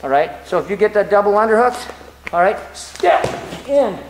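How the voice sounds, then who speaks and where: A man's voice: sits high, normal speed. A man coaching grappling technique on the mat, telling stories as he demonstrates moves. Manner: animated, storytelling, demonstrates moves. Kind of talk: mat-side technique instruction. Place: training gym. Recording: echoey gym, background noise.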